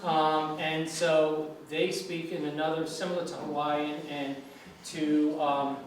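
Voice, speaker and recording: A man's voice: on the high side, flat delivery, slow. A man from the United States teaching English, talking with his class and asking questions. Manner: conversational, asks students questions. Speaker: English lecturer. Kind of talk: classroom discussion. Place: lecture room. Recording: echoey classroom from far off, faint noise.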